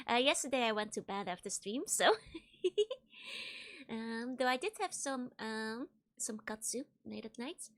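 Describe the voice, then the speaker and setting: A woman's voice: a little high, animated, unhurried, a bit bright. A young woman streaming, chatting casually with viewers, giggling often and repeating her greetings.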